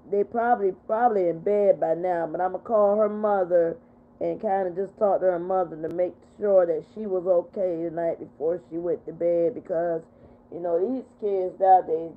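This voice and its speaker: An older woman hosting a casual livestream, talking in a heartfelt, repetitive way while she is upset but steady. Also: lowish voice. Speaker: livestream host. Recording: tinny phone-like sound.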